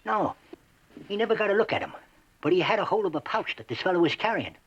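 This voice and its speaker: Backwoods man, folksy and giggly, husky, up-and-down voice, muffled old TV sound. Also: high-pitched, lively intonation, quick pace, a bit bright, exaggerated voice. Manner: rustic grammar, chuckles, stammers. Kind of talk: 1960s TV western acting.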